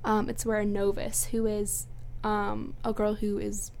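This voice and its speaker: A woman's voice: mid-range voice, monotone, unhurried, darkish tone. A young woman co-hosting a podcast, chatting in a bubbly way and sometimes hunting for the right word. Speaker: podcast co-host. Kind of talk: casual chat.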